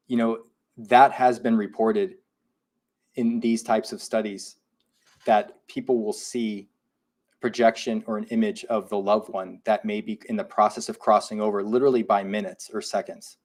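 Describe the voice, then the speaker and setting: A man's voice: fairly low pitch, level tone, normal speed, a little mellow. A man co-hosting a live podcast, reading listener comments aloud and reacting to them. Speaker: podcast co-host. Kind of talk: casual live podcast chat.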